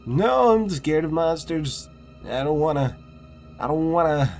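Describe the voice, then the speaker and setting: A frightened little child whimpers and pleads for help in a raised, wavering voice, as a man puts the kid on while reading a horror game. The pitch swings widely from line to line, and the words come out slowly. Faint game music plays behind the voice. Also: animated, a little mellow.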